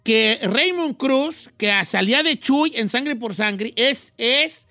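High, bright-voiced excited male host. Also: unhurried, no room sound, faint music behind. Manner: excited, rambling, switching between Spanish and English. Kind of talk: casual interview talk.

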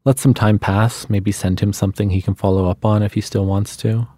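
A man reading the lines of a wry, restless adult woman in a short story, in a quiet, musing manner. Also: on the low side, fairly even intonation, a little fast, no room sound, clean studio sound, natural voice.

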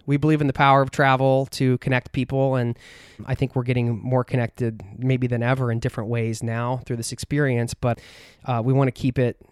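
A man's voice: mid-range voice, flat delivery, a little fast, clean tone, no echo, studio quality. A man hosting a travel podcast, talking earnestly and rambling a little with fillers and restarts. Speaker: podcast host. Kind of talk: heartfelt podcast intro and interview.

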